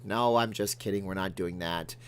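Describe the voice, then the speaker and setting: A man's voice: low-pitched, normal speed, a bit bright, clear, resonant tone. Rambling, joking man hosting a livestream. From Alberta, Canada. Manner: rambling, joking, talks to his cat between comments. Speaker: livestream host. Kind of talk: casual livestream chat reading viewer comments.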